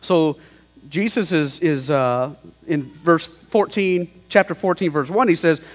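A man's voice: a little high, unhurried. A man preaching a sermon in a conversational, emphatic way, mixing scripture with slangy paraphrase. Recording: long hall reverb.

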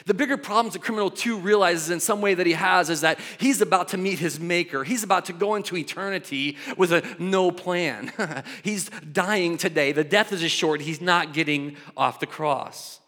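A man preaching a sermon in an animated way, shifting from loud bursts to quiet asides. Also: sits high, normal speed. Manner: animated, acts out voices, swings from loud to soft. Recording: long hall reverb.

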